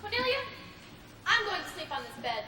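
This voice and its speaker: A woman's voice: very high-pitched, very animated, normal speed, pushed and bright, full character voice. A young woman playing a skeptical friend. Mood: doubtful. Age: young adult. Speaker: school play actress. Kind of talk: school stage play. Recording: very echoey hall, far mic, audience.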